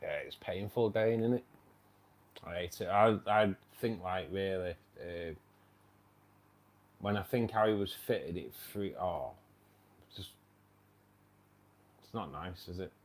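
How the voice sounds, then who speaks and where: A man's voice: low-pitched, takes it slowly, long pauses. A man with a British accent hosting a casual livestream, chatty and slangy, laughing often. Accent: British English. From United Kingdom. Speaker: aquarium channel host.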